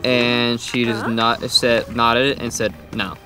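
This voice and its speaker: A young man playing a game with a friend, telling a work story in a relaxed, easygoing way. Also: mid-range voice, slow, music in the background. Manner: relaxed, tells a work story with light laughs. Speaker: co-player. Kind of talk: casual gaming chat.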